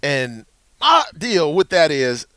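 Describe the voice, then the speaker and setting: A man in his thirties co-hosting a casual sports podcast, telling stories with lively quoted voices. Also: fairly high pitch, slow pace, no room sound, clean studio sound. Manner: animated storyteller, acts out quotes. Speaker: podcast co-host.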